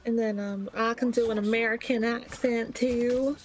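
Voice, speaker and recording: A woman's voice: fairly high pitch, fairly even intonation, moderate pace, a little hiss or hum, poor audio. A woman from Australia chatting casually with friends while streaming a game, a little hesitant as she talks. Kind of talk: casual chat while gaming. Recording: stream audio with music. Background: clear music.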